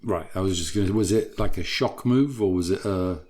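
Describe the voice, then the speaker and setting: Male interviewer, late 50s, lower pitch, jovial and chatty. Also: fairly quick, dark tone. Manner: jokey, chuckling, asks short questions. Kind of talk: casual conversation.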